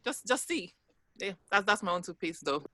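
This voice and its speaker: A woman's voice: mid-range voice, animated, moderate pace, bright, forceful tone, no room sound, poor audio. A woman sharing her views earnestly on a video panel discussion, often hedging with "like". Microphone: video call.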